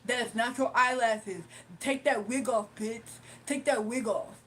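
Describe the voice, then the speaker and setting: A sneering, abusive male caller, as a woman mocks him in a lower, harder voice than her own. He hurls the same insults over and over with contempt. A faint background hum sits under the voice. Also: a little slow, a bit bright.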